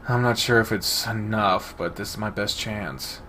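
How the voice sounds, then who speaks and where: A man hosting a let's-play, reading a visual novel aloud with expressive delivery that swings between soft and loud. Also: fairly low pitch, normal speed, slight background noise. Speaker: game let's-play host.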